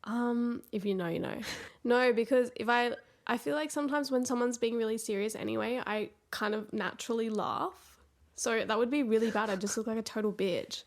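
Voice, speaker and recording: Teasing young woman, gravelly. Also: fairly high pitch, moderate pace. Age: young adult. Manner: blunt, teasing. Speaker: podcast co-host. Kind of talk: casual chat. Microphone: video call.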